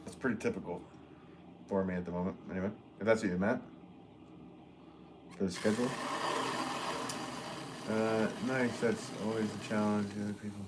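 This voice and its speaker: A man, a potter, chatting casually on a livestream and reading out viewer comments, relaxed and joking, with frequent chuckles. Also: fairly low pitch, moderate pace, pauses often, heavy background noise. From northwest Connecticut. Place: pottery studio.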